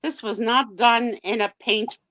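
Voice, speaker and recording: A woman's voice: a little high, fairly even intonation, a little slow, a bit bright, muffled recording, a little hiss or hum. A woman co-hosting a live vintage sale, chatting and calling out bids from viewers. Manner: chatty, runs the bidding and teases viewers.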